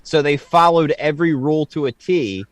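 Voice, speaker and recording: A man's voice: on the high side, expressive, moderate pace, no room sound. A man co-hosting a podcast, explaining things in a dry, matter-of-fact way. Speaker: podcast co-host. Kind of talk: casual chat.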